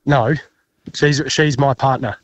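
A man's voice: medium pitch, fairly even intonation, takes it slowly, no room sound. A man answering a prank phone call, speaking plainly and guardedly. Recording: dull phone-line sound.

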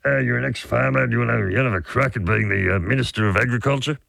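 An Australian man hosts late-night talkback radio. He chats in an easy, relaxed way as he reads out listener messages. His voice sits low and sounds dry and close. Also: fast, gravelly, few pauses, no room sound. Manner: relaxed, chatty, reading out texts. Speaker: radio host.

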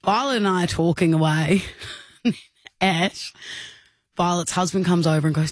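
A woman's voice: fairly low pitch, a little slow, pauses often, no room sound. An Australian woman in her thirties chats on air as a radio co-host. She tells stories in a rambling, giggly way. Her close studio mic sounds dry. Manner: chatty storyteller, giggly. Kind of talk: casual radio banter. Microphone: studio microphone.

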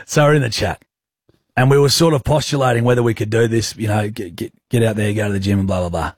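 A man's voice: lowish voice, fast talker, husky, dry recording, clean studio sound. A man with an Australian accent hosting radio, teasing his co-host in cheeky, mocking banter and laughing often.

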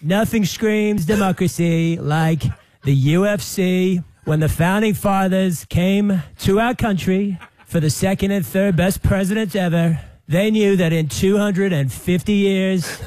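A man's voice: sits high, unhurried, a little mellow, dry recording. A man doing an impression of a boastful older male politician, in a played-back audio clip. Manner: boastful, rambling declarations.

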